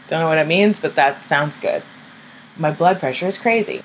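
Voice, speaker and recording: A young woman with a low voice tells a personal story as a podcast host. She is candid and self-mocking, swears freely and acts out the people she quotes. A faint hum of air conditioning sits behind her. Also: a little slow, low-quality recording.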